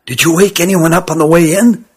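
A man's voice: fairly high pitch, fairly even intonation, brisk, slightly rough. A man voicing a younger, smaller lad in an audiobook who keeps asking eager, incredulous questions. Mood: sleepy surprise. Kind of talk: audiobook character voice.

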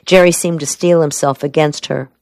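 Low-voiced woman narrating a novel. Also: fairly even intonation, moderate pace, vocal fry, darkish tone, no echo. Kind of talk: audiobook narration.

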